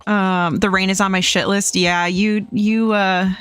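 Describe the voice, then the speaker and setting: A woman's voice: mid-range voice, little pitch movement, measured pace, a bit bright, smooth, no echo, soft background music. A young adult woman streaming from home, chatting casually, reading chat aloud and laughing often.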